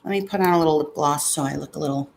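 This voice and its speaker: A woman's voice: sits low, rapid-fire, gravelly. A woman vlogging casually at home, chatty and sarcastic, swearing when something frustrates her. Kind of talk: casual vlog chat. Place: home room with a fan.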